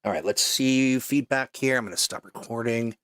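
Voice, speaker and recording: A man's voice: medium pitch, normal speed, fairly bright tone, dry recording. A man hosting a casual live stream between voice-over takes, joking and poking fun at himself with many fillers, into a studio microphone. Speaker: host and voice-over artist.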